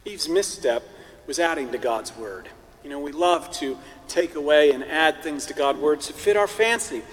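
A male priest delivering a sermon in a conversational, animated way with wry humorous asides. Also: on the high side, normal speed, long reverb tail.

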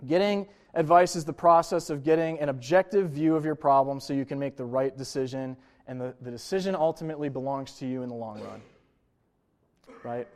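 A man's voice: medium pitch, fairly quick, darkish tone. A young adult man, a pastor, preaching a sermon in a conversational, personal way, often checking in with "right?" and "you know" as he talks.

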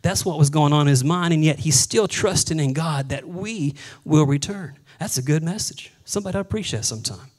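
A male pastor preaching a sermon, animated, acting out the voices of Bible figures and dropping to a hush for solemn moments. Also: a little high, a little fast, hardly any pauses, low-quality recording. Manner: drops to a hushed voice for solemn moments.

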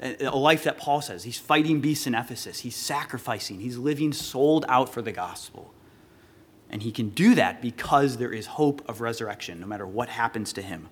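A man's voice: medium pitch, lively intonation, moderate pace, husky. A man preaching an earnest sermon, rising with emphasis when he quotes scripture. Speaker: pastor.

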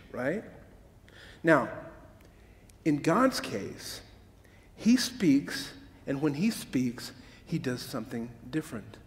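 A man preaching a sermon, emphatic, repeating words and tossing asides to his listeners. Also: mid-range voice. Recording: long hall reverb.

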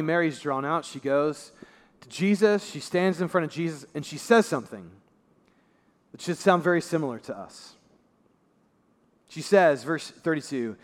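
Male pastor, slightly higher voice, conversational sermon, long hall reverb. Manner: conversational preaching, voice drops low and soft for emphasis.

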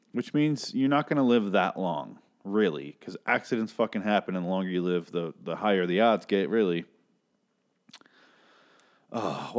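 A man with a very low voice talks through a television episode recap in a loose, rambling way. He swears freely and sounds openly exasperated, circling back and restarting his thoughts. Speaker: TV recap host.

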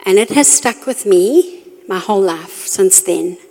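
A middle-aged woman giving a storytelling sermon to a women's group, animated when acting out her own reactions. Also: mid-range voice, unhurried. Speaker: women's ministry speaker. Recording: long reverb of a hall.

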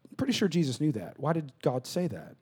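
Man, pastor, high voice, animated sermon, loud bursts and hushed asides. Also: quick pace, slightly rough. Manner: conversational, plays out dialogue.

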